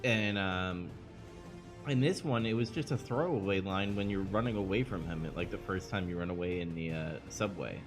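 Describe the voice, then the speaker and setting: A man's voice: low voice, normal speed, music in the background. A man co-hosting a casual podcast about a video game, talking in a rambling, hesitant way. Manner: rambling, hesitant, many fillers and restarts. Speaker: podcast co-host.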